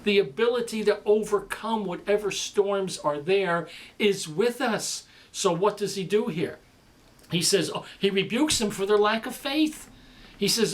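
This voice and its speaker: A male preacher giving a sermon, with dramatic delivery that swings between loud emphasis and quiet passages. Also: high-pitched, animated, unhurried.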